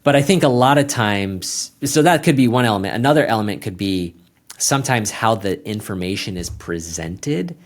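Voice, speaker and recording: Low-voiced man talking casually. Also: lively intonation, moderate pace. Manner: rambling, self-correcting, plain-spoken. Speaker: guest accountant. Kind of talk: casual conversational interview.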